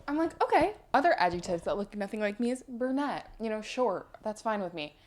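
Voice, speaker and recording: A woman's voice: mid-range voice, a little fast, a bit bright. A young woman co-hosting a podcast, chatting casually and telling stories with acted-out quotes. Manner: chatty storyteller, acts out quotes. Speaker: podcast co-host. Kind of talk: casual chat.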